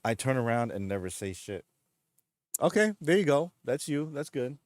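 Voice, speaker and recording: Male streamer, mid pitch, loose rambling chat with viewers, quick to laugh. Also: big pitch swings, darkish tone, dry recording. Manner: rambling, chuckles often, retells jokes. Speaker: live streamer reading chat. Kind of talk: casual late-night stream chat.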